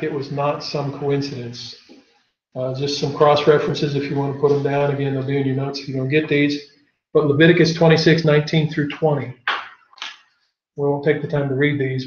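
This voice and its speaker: A man's voice: on the high side, muffled recording. Man teaching a Bible class, echoey room. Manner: reads scripture aloud, then questions the class.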